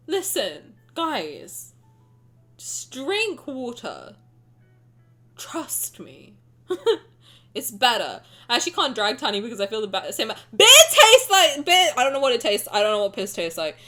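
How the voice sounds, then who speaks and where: A young woman streaming live, her voice high and bright, swinging up and down with lots of expression. She talks in a casual, teasing, blunt way, cursing freely and breaking into giggles.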